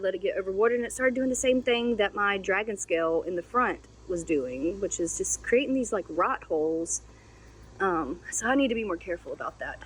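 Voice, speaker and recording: A woman at an ordinary middle pitch chats her way through a casual houseplant tour outside on a sunny day. She gushes over each plant and pokes fun at her own mistakes, with easy fillers along the way. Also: a little hiss or hum. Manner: chatty, gushing and self-deprecating. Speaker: plant channel host.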